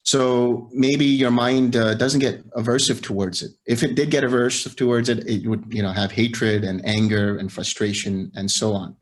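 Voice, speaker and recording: A man teaching meditation, explaining practice patiently and in measured steps over a video call. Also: medium pitch, steady tone. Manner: patient, measured, builds on examples step by step.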